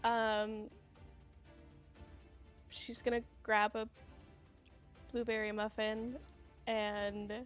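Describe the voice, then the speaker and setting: A woman's voice: medium pitch, level tone, very slow, pauses often, faint music behind. A woman playing in a tabletop game over an online call, casual and chatty with many fillers. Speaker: player.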